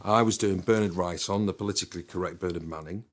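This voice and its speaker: A man's voice: low-pitched, fast talker. A man in a documentary interview, recalling things in a matter-of-fact way.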